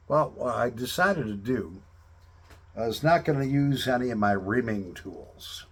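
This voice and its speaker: A man casually chatting to camera as a pipe-smoking vlogger, telling rambling stories in a relaxed way. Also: mid-range voice, husky. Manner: relaxed, rambling storytelling with drawn-out pauses.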